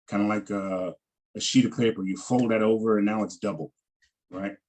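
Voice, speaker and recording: A man teaching a language class, slowly repeating each word and its pronunciation and checking in with "all right" as he goes. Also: lowish voice, steady tone, darkish tone. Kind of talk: slow vocabulary lesson over shared screen.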